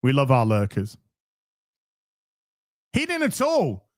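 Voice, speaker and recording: A man's voice: mid-range voice, huge pitch swings, takes it slowly. A man hosting a commentary show, ranting sarcastically and mocking the streamer he reacts to. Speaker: commentary host.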